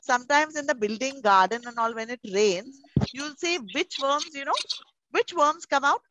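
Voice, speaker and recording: A woman preschool teacher, leading young children through an online class in an animated, playful, coaxing way. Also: high-pitched, moderate pace, dull audio.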